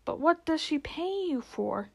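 A woman's voice: sits high, very animated, measured pace, gravelly, pitched above the performer's own voice, heavily acted. Lucy, a woman doing an earnest young girl. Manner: pleading, anxious, bright girlish voice.

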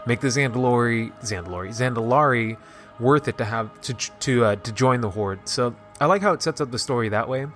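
A man casually recapping a video game story, excited and rambling, with lots of "like" and restarts. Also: mid-range voice, fairly quick, faint music behind. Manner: excited, rambling, heavy use of "like". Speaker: gaming video host.

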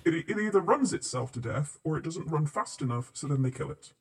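Husky-voiced easygoing man on a podcast. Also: a little high, expressive, fairly quick. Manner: easygoing, agreeable, adds short backchannels. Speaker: podcast co-host. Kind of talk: casual chat.

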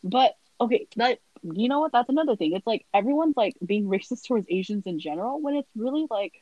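A woman's voice: fairly high pitch, lively intonation, fast talker, no echo, dull audio. Chatty young woman, dry close sound. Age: young adult. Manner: chatty, lots of "like" fillers; rambling storyteller. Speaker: guest. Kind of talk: casual chat.

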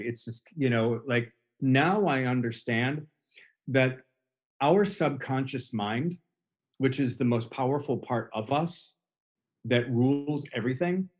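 A man hosting a recovery-themed conversation, speaking in an earnest, coaching way and circling back over his phrases. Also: mid-range voice. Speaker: host.

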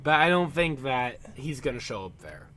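Young male co-host, casual and halting, slight background noise. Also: medium pitch, sing-song, bright, forceful tone. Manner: hesitant, repeats words while thinking. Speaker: podcast co-host. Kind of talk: casual chat.

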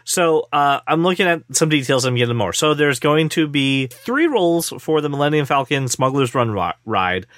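A man's voice: fairly high pitch, sing-song, moderate pace, few pauses, fairly bright tone, no echo. Bantering man on a dry mic. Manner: playful, mock-offended banter. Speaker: podcast co-host. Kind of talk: casual tech podcast chat.

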